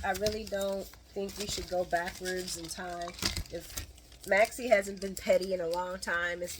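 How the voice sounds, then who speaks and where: A woman's voice: mid-range voice, background noise. Chatty, opinionated woman recapping a soap. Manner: chatty and opinionated, with frequent fillers and asides to viewers. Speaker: soap opera recap host. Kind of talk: casual solo recap commentary.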